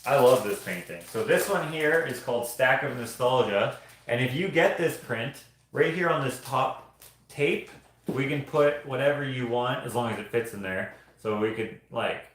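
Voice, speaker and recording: A man's voice: mid-range voice, lively intonation, normal speed, a bit bright. Rambling, jokey man in an echoey room. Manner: rambling, jokey, laughs often. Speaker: artist streaming show-and-tell. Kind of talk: casual livestream chat.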